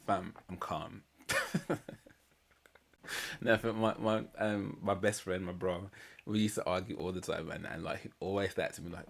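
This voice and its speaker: A man's voice: low-pitched, fairly even intonation, moderate pace, vocal fry, long pauses, a little hiss or hum. A man giving casual, slangy reaction commentary on a reality show, retelling scenes with laughs. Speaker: reaction channel host.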